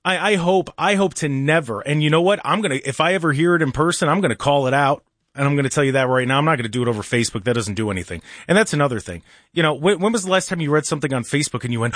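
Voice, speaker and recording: A man hosting his own talk show, firing off sarcastic rhetorical questions in a combative monologue. His voice sits a touch high and swings widely in pitch. The sound is close and dry, with no room around it. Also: big pitch swings, fast talker, fairly bright tone, dry recording. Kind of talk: opinion monologue.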